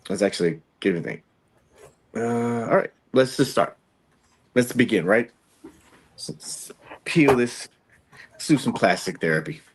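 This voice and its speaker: Relaxed male podcast host, low-ish voice, easygoing and repetitive. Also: normal speed, pauses often, a little hiss or hum. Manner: relaxed, repeats phrases. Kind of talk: casual chat.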